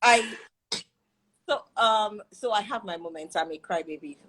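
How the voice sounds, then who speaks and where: A woman hosting an interview, animated and self-deprecating, laughing often as she talks. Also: mid-range voice, a little slow, rough recording. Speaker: interview host. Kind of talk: candid conversational interview.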